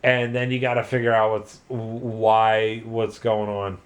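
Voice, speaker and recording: A man's voice: lowish voice, monotone, takes it slowly. Drunk man rambling through a story. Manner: loose, profane, full of "like" and restarts. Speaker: host retelling a video game plot.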